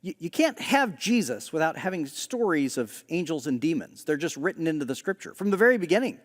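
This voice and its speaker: A middle-aged male pastor preaching a sermon in a relaxed, conversational storytelling way, often pausing on "uh". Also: a little high, in a large hall. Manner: conversational storyteller with frequent "uh" pauses. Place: large church hall.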